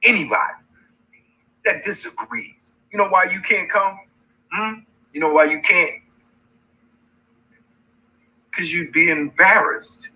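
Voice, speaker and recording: A man's voice: sits high, a little slow, sharp tone. A man hosting a livestream, mocking and challenging his critics in a taunting rant. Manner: mocking, challenging, repeats insults. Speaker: livestream host. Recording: dull lo-fi stream audio.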